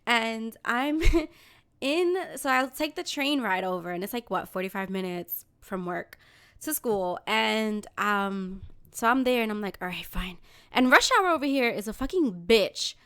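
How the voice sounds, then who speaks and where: A woman from New York City co-hosting a casual podcast, telling profane, animated stories with laughs. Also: mid-range voice, a little slow, clean tone. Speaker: podcast co-host. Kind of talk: casual chat.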